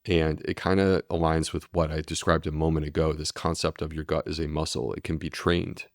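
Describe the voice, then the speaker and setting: Deep-voiced man explaining earnestly. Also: flat delivery, brisk, no echo, studio quality. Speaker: gastroenterologist guest. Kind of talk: podcast interview.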